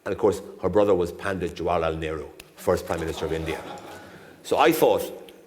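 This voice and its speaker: Deep-voiced older man telling a story. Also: brisk, slight background noise. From Ireland. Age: 60s. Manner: relaxed, rambling, self-deprecating. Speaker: ambassador, guest speaker. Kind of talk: anecdotal storytelling on stage. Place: university lecture hall. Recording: reverberant lecture hall.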